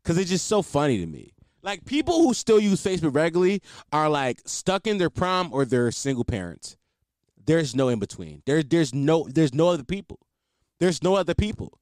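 A man's voice: a little high, very animated, normal speed, darkish tone, no echo, studio quality. A young man hosting a solo show, ranting in a blunt, profane, mocking way. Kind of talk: casual comedic rant.

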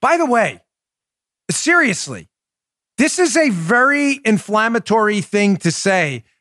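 A man hosts a political talk show, delivering sarcastic, mocking commentary. His voice sits high and sounds bright and forceful, recorded dry and close. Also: big pitch swings, a little slow, dry recording. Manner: mocking, acts out scenes in mimicked voices.

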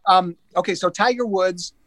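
A man's voice: high voice, moderate pace, no echo. A man telling casual golf anecdotes, acting out the voices of the people in them, with frequent restarts. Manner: animated anecdotes, acts out voices, many restarts. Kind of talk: casual storytelling.

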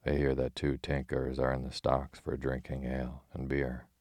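A man's voice: extremely low pitch, monotone, darkish tone, dry recording, clean studio sound. A man voicing a bold, cheerful outlaw who jests in old-fashioned speech, in an audiobook reading. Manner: archaic speech, measured, teasing.

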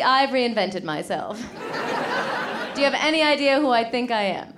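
Sardonic high-voiced woman doing stand-up. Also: moderate pace, a crowd in the background, background noise. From Illinois. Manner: sardonic, deadpan, mock-haughty. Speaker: stand-up comedian. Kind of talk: stand-up set. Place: comedy club stage. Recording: live club recording with audience laughter.

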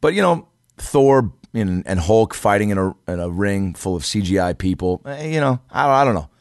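Young man, casual storyteller, low voice, dry close sound, swears freely, acts out the quotes. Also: normal speed, dry recording. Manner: animated, profane, acts out quotes in a higher voice.

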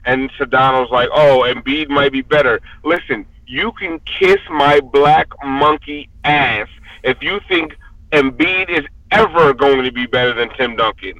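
A man's voice: medium pitch, sing-song, a little slow, pushed and bright, no room sound, lo-fi sound. A man on a casual podcast, drunk and heated, ranting with constant profanity. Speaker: podcast guest.

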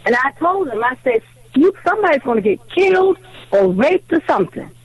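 Indignant caller. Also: female voice, high voice, brisk, no room sound. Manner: animated storytelling, indignant. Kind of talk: call-in radio story. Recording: dry phone line.

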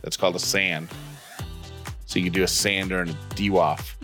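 A goofy man in his thirties riffs and teases his co-host on a podcast, his voice sitting a little low. Faint music plays far behind the casual chat. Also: steady tone, moderate pace. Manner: goofy, jokey, teasing.

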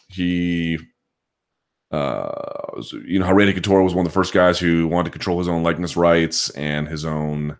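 A man hosting a live podcast chat, thinking out loud and restarting his sentences as he answers viewers' questions. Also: low voice. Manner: thinking aloud, frequent restarts and hedging. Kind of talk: casual live chat commentary.

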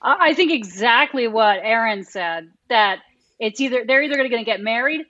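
A woman with a bright, forceful voice gives blunt opinions as a podcast guest. Her sound is slightly dull and lo-fi. It is recorded dry and close. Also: a little high, expressive, normal speed, no echo. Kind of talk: casual chat.

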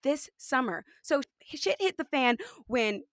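With a high voice, lively intonation and a measured pace, this young adult woman sounds a bit bright in clean studio sound with no room sound. She's a podcast host having a casual conversation full of fillers and laughter.

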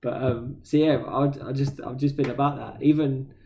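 A man's voice: medium pitch, steady tone, moderate pace, gravelly, mellow, a little hiss or hum. A man, telling stories animatedly in casual chat, with slang and swearing, as a podcast co-host.

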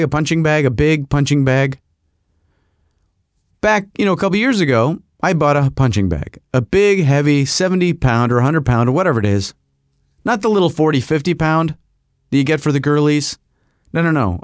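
A man talks through his own podcast in a loose, rambling way, poking fun at himself as he goes. His voice sits fairly high and swoops around a lot. The sound is dry and close, with no room around it. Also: dry recording. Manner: rambling, self-mocking, mimics agency people in a higher voice. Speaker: podcast host. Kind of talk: casual solo monologue.

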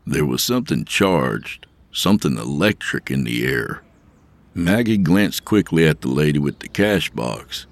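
Male narrator, very deep, animated delivery, dry studio sound, wry storytelling. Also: no echo.

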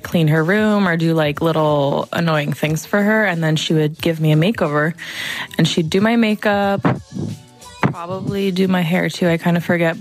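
A woman in her twenties shares memories in a loose, chatty way, full of little fillers. Her voice is on the low side. Faint music runs underneath. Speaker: younger sister sharing memories. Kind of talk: casual recorded message.

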